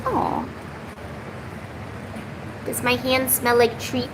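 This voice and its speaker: Chatty high-voiced woman streamer. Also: lively intonation, moderate pace, noisy background. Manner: chatty, coos baby talk to her cat. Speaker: art streamer. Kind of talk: casual live-stream chat.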